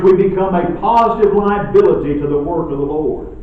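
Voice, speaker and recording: A man preaching a sermon in a church, swinging between loud outbursts and hushed lines. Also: fairly high pitch, normal speed. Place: church sanctuary. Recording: echoey, phone-like distant church audio.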